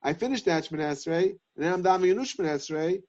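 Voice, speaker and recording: Guy thinking out loud in a torah class, repeats himself, muffled recording. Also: high voice, expressive. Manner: halting, repeats phrases while reasoning. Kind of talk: Talmudic lesson, thinking aloud. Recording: dull lo-fi sound.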